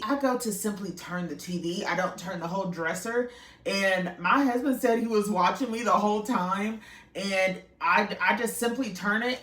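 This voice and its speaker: A woman's voice: mid-range voice, a bit bright, roomy sound, far from the mic. A young woman casually telling a rambling, emotional storytime, swearing freely and acting out what people said.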